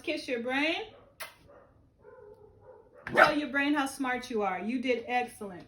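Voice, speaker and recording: High, slow, encouraging teacher woman. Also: heavy background noise. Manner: encouraging, sing-song classroom delivery. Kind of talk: remote phonics lesson for young children. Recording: roomy echo.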